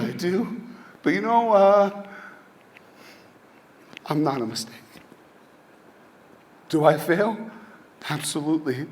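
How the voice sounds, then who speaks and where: Man telling personal stories to a hall. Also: high-pitched. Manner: personal storytelling with rhetorical questions. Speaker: motivational speaker. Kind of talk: inspirational speech to a school audience. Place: large hall with an audience. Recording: long hall reverb, faint ambience.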